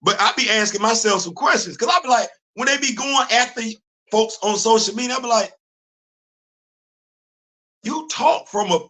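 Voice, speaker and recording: A man hosting a comics show, talking casually to his viewers in an animated way, repeating himself and getting loud when worked up. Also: high voice, fairly quick, rough recording.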